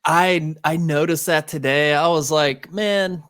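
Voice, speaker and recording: A male guest on a film podcast, talking through his opinions in a measured way. He speaks slowly and deliberately. The recording is dry, with no room echo. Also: on the high side, steady tone, fairly bright tone, clear, resonant tone. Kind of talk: casual film review chat.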